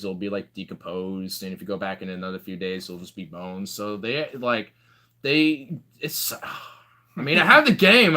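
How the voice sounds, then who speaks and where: A man's voice: medium pitch, pushed and bright. A young man in casual chat, rambling through stories with lots of fillers and restarts. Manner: rambling, filler-heavy storytelling.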